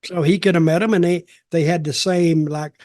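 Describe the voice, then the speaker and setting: A man's voice: on the high side, fairly even intonation, moderate pace, a little mellow, no echo, studio quality. An older man hosting a podcast, telling a casual story in a rambling, blunt and profane way.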